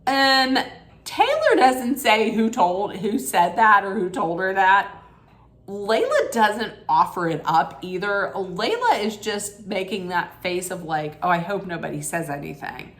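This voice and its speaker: A woman's voice: medium pitch, big pitch swings, takes it slowly, a bit bright. A woman giving a casual recap rant of a reality show, rambling and opinionated with frequent ums and restarts.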